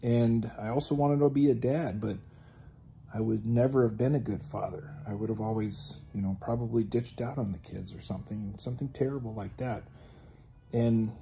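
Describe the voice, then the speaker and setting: A man giving an earnest personal faith testimony, halting and filled with "you know". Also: medium pitch, vocal fry, mellow, slight background noise. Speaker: testimony speaker.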